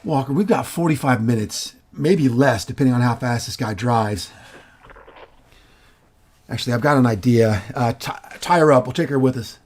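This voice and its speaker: A man's voice: mid-range voice, normal speed, a little mellow, natural voice. An actor in a stage reading playing a reformed ex-convict who reasons urgently with his partner. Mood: tense. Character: reformed male ex-con, tense and calculating.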